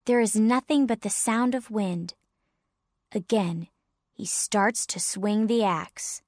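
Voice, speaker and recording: A woman narrating a story clearly and deliberately for English learners. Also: medium pitch, a little mellow, dry recording, clean studio sound.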